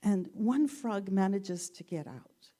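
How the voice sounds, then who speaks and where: A woman minister giving a sermon, telling stories gently with playful asides. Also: medium pitch, expressive, slow pace. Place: church sanctuary.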